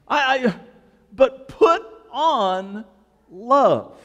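Pastor, man, high animated voice, slow unhurried delivery, reverberant church hall. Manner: animated, joking storytelling. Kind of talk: sermon. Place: church sanctuary.

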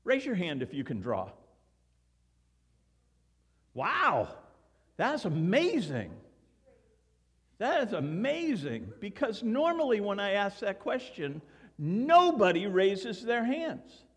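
Animated older pastor in a reverberant hall. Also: male voice, high voice, slow pace, long pauses, slightly rough. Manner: storytelling, animated, acts out quoted voices. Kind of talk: sermon. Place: church sanctuary.

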